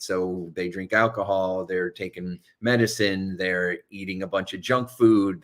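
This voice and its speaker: A man with a fairly low voice delivers a motivational self-help talk as a coach. He talks quickly and urgently, pressing advice on the listener. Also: fairly bright tone. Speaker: hypnotherapist and coach.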